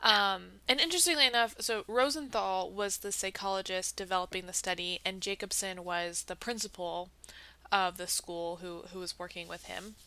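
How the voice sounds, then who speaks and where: Woman host, chatty explainer, bright crisp voice, dry close sound. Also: medium pitch, fairly even intonation, moderate pace, no room sound, poor audio. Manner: chatty, many fillers and restarts. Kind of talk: casual explanatory talk.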